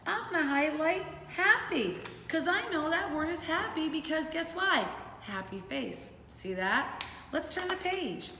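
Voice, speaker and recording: A middle-aged woman teacher gives a remote class lesson for young children from home, using a bouncy, sing-song voice. Her voice is high and bright with lively intonation, a forceful tone, and a measured pace. The room is echoey with a long tail and faint ambience, and there's a little hiss or hum.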